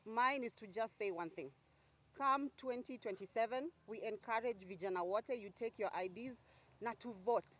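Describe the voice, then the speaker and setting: A woman's voice: fairly high pitch, moderate pace, a bit bright. A woman with a Kenyan accent gives a short, earnest political statement urging young people to vote. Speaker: youth speaker at a press briefing.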